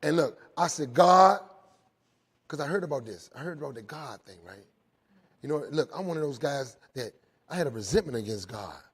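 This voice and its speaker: Man, middle-aged, fairly high voice, husky, earnest recovery testimony, repeats phrases. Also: animated, normal speed. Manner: tags nearly every sentence with "right?". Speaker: recovery speaker. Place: speaking live to inmates inside a jail.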